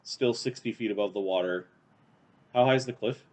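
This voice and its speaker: A man's voice: lowish voice, moderate pace, a little mellow. A man playing a tabletop game, talking casually and thinking aloud over numbers. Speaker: player.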